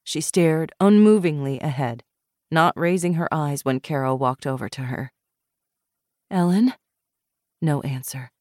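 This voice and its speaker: A woman narrates a novel in measured, expressive scripted narration. Her voice sits low. The recording is dry and close on a studio mic. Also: no room sound. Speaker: audiobook narrator.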